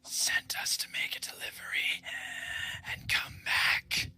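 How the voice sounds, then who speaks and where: A man voicing a briefly reanimated dead guard in whispered role-play, speaking in a slow breathy whisper. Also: sharp tone, low-quality recording. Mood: hollow.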